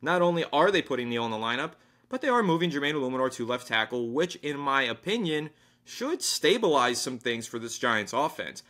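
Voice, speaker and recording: Brief: male sports podcast co-host, bright forceful tone, enthusiastic casual football talk. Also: medium pitch, very animated, a little fast. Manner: enthusiastic, reads sponsor plug.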